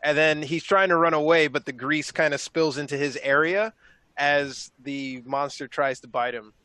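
A man's voice: fairly high pitch, steady tone, normal speed, bright, forceful tone, no room sound. A man playing a tabletop game, casual and loose, swearing freely. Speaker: player.

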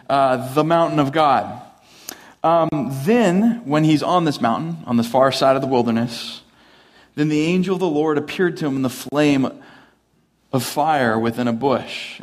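A man preaching a sermon as a pastor, in a casual, conversational way, often correcting himself mid-sentence and adding dry humor. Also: on the high side.

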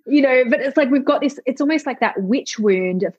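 A woman's voice: sits high, expressive, a little fast, darkish tone, breathy edge, dry recording, highs cut off. A woman coach as a podcast guest, talking candidly and animatedly, swearing casually and acting out what other people say. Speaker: guest, money mindset coach. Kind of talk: candid conversational interview.

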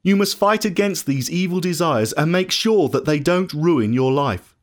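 A man voicing God as a stern yet caring male deity, speaking in grave, measured warnings in a storybook reading. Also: on the high side, lively intonation, lightly acted.

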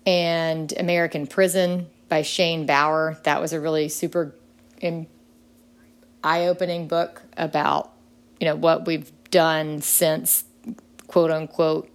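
A middle-aged woman talks earnestly as a podcast guest. Her voice sits a little low. It jumps sharply upward whenever she presses a point. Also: little pitch movement, takes it slowly. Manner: earnest, with sudden upward pitch leaps when emphatic. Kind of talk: earnest conversational interview.

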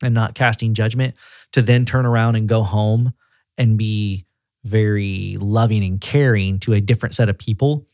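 A man who directs a group of auto repair shops, talking as a guest in a casual podcast conversation. He speaks in a relaxed, conversational way. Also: lowish voice, moderate pace, no echo, studio quality. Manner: relaxed and conversational, often acting out quoted voices.

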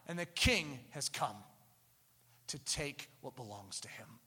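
A man preaching a sermon, telling stories with animated acting and reading scripture aloud. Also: medium pitch, slow pace, husky. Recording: long hall reverb.

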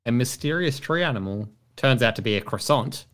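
A man's voice: mid-range voice, animated, a little fast, fairly bright tone. A man, co-hosting a podcast and reading out quiz stories in a dry, matter-of-fact way. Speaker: podcast co-host presenting a quiz segment. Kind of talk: casual chat.

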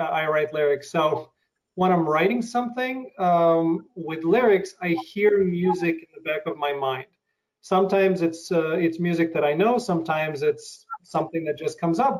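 A man interviewing and sharing his acting experiences, thoughtful and hesitant with many pauses. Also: fairly high pitch, darkish tone, poor audio. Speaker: interviewer and actor. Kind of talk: casual interview.

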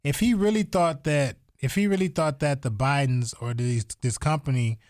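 A man in casual chat, animated and rambling, swearing freely and going off on asides. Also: on the high side, normal speed.

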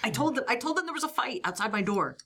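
A woman playing a casual tabletop game, with a fairly high voice that has a sharp, bright edge. She talks a little hesitantly, often repeating words as she works out what to say. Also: big pitch swings, quick pace, breathy edge. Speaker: player.

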